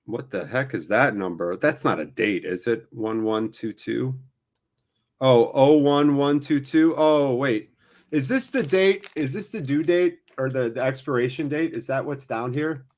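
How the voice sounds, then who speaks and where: A watchalong host offers casual, jokey play-by-play of a live match in a medium-pitched, animated voice at a moderate pace. He drifts into rambling asides along the way.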